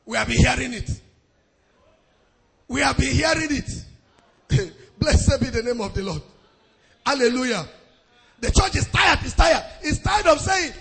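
A pastor preaching a fervent sermon in a sing-song style, shouting hallelujahs and repeating phrases for emphasis. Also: male voice, very high voice, sing-song, unhurried, gravelly, pauses often, slightly rough.

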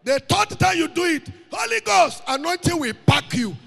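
A male preacher with a Nigerian accent and a very high, gravelly voice. He chants short phrases over and over and breaks into shouts. The sound has the long reverb of a church hall. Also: expressive, moderate pace, faint music behind. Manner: mixes Pidgin, chants repeated words, swings to shouting. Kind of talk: sermon.

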